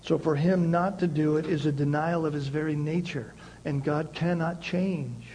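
A male pastor preaching a sermon, emphatic and repeating key phrases, with swings between loud passages and quiet ones. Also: fairly high pitch, steady tone, normal speed, slight background noise, poor audio.

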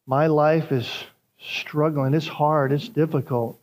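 A male pastor delivering a sermon with a fairly high voice. He preaches emphatically, lifting his pitch to stress key phrases. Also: steady tone, slow pace, darkish tone.

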